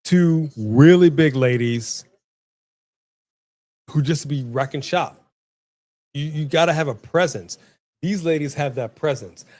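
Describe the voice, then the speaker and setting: A man's voice: on the high side, unhurried, pauses often, dry recording. Chatty man co-hosting a livestream. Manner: chatty, animated, addresses the chat. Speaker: co-host of a wrestling watch-along. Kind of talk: casual live-stream chat.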